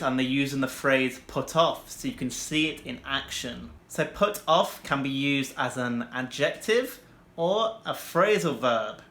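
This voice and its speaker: A young man explains vocabulary to learners in a bright, slightly high voice. He slows right down for his example sentences and hurries through the asides. The room around him rings with echo. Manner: slow, deliberate example sentences with bursts of quick asides. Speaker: English teacher.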